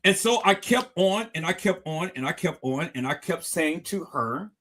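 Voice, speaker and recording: A young man vlogs a story to his viewers, casual yet animated and emphatic, lacing it with profanity and repeating phrases for effect. His voice sits on the high side at a moderate pace.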